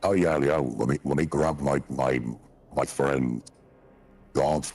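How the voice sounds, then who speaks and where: A man using a voice changer to play a gruff, gravelly man who sounds like a chain smoker, talking loud and drawling. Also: very deep voice, fairly even intonation, slow, voice pushed down, full character voice.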